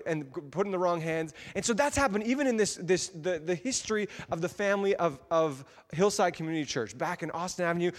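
Animated preacher in a reverberant hall. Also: male voice, high-pitched. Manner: animated, self-deprecating, quotes his own inner thoughts. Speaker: pastor. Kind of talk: sermon storytelling. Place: church.

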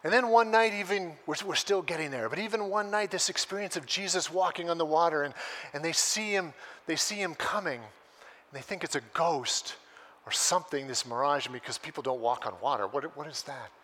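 A man with a slightly high, bright voice preaches a sermon. He tells the story with animated energy and acts out the voices he quotes as he goes. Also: moderate pace. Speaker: pastor.

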